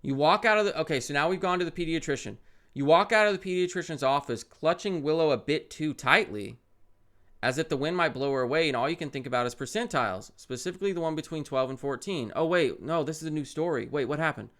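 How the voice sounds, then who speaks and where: A young man reads a parenting game's story aloud on stream, then breaks off to react. His voice is slightly high and smooth, close to the mic, swinging from loud indignant bursts to quiet mumbled asides. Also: quick pace. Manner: animated, swings from loud outbursts to muttered asides.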